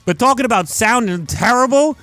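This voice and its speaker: A man's voice: very high voice, animated, fairly quick, bright, forceful tone, dry recording, faint music behind. A young man hosting a casual video-game review, emphatic and swearing freely. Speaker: gaming video host.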